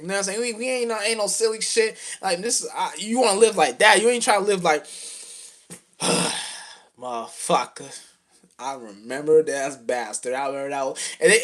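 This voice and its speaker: Male rapper, slightly higher voice, rambling profane spiritual rant, streetwise slang, fervent. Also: a bit bright. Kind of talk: casual spiritual rant to camera.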